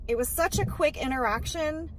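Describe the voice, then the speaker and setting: A woman's voice: high-pitched, normal speed, distant mic, a little hiss or hum. A woman in her forties vlogging from her car, chatty and exasperated, rambling with sighs and little laughs. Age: 40s. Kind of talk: chatty vlog rant.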